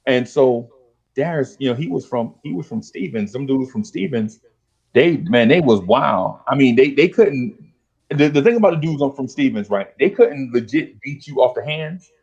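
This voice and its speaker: A man's voice: medium pitch, normal speed, creaky, slightly rough, dull audio. A middle-aged man telling street stories in casual chat, full of slang and acting out the voices of old friends. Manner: streetwise slang, animated storytelling, acts out dialogue. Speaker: podcast host.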